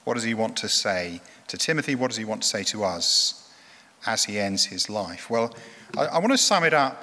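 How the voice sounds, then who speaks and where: A man delivers a sermon with an earnest, emphatic manner, sometimes stumbling and restarting a phrase before pressing his point. His voice is bright and forward. The sound carries a long, roomy reverb, as if picked up in a large church hall. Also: fairly low pitch, big pitch swings, normal speed. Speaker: preacher.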